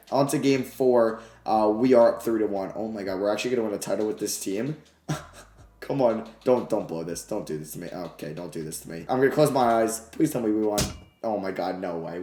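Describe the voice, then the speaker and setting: A man giving casual commentary over his own video game playthrough, excited and shouting at big wins, low and grumbling at losses. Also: echoey room. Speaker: gaming YouTuber.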